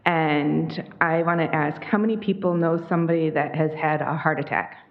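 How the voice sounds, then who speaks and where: A woman's voice: low voice, fairly even intonation, normal speed. A woman giving a nervous, hesitant public comment at a county board meeting. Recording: thin, phone-like meeting audio.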